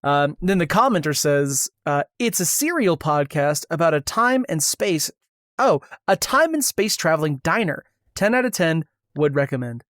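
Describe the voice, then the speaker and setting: A co-host of a casual podcast, talking in a playful, animated way with quick reactions. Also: medium pitch, no room sound, studio quality.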